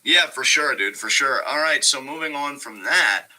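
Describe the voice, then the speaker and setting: A man co-hosting a show in relaxed, chatty talk with many fillers. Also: medium pitch, normal speed, poor audio. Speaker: podcast co-host. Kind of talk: casual chat.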